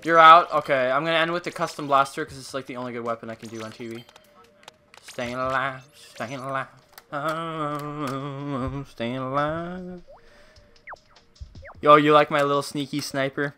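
A man's voice: a little high, fairly even intonation, fast talker, few pauses, sharp tone, faint music behind. A man giving playful, goofy running commentary while livestreaming a game. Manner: playful and goofy, hyped exclamations. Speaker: gaming streamer. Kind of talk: casual gaming livestream commentary.

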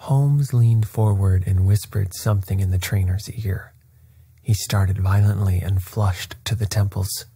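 A man narrating a classic story at bedtime with a soft, steady, soothing delivery. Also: deep voice, unhurried, slightly rough.

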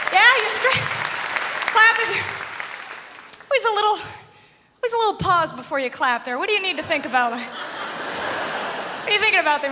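A woman from Canada doing a stand-up comedy set, animated and laughing often as she acts out little voices. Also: very high voice. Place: comedy club stage before a live audience. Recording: live hall recording with crowd noise.

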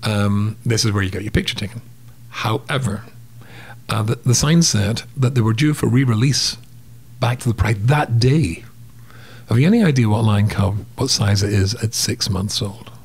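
A man's voice: fairly low pitch, normal speed, a little mellow, breathy edge. A man telling a story as a guest on a casual interview podcast, acting out sounds and voices as he goes.

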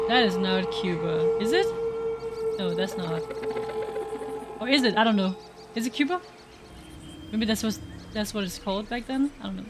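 A woman streamer giving casual, excitable reaction commentary on a game, swearing and laughing often. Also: mid-range voice, very noisy. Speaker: gaming streamer. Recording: background music under voice. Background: background music.

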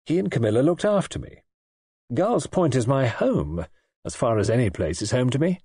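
A curt, troubled young husband, read by a man in a clipped, offhand voice. It is slightly husky and recorded dry and close to the mic. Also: medium pitch, big pitch swings, moderate pace, warm tone, no room sound.

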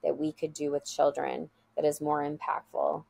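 A woman's voice: deep voice, completely flat delivery, moderate pace, vocal fry, darkish tone. A woman working as a school guide, telling an earnest, heartfelt story in an interview and repeating phrases for emphasis.

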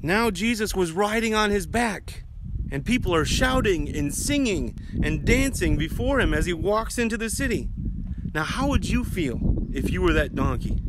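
A man with a slightly raised voice giving a children's sermon. He tells the story gently and often asks the children questions. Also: sits high, expressive, moderate pace, background noise. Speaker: children's message leader.

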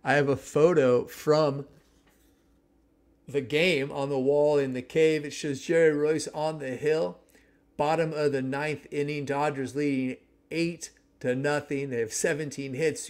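A man in his fifties from the San Francisco Bay Area, hosting a podcast and telling a nostalgic story in an animated, exclamatory way. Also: mid-range voice. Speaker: podcast host.

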